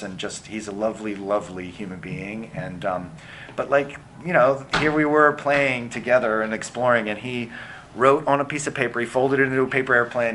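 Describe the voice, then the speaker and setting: A middle-aged man, a film director, answering interview questions in an animated way with many fillers and restarts. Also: mid-range voice, noisy background.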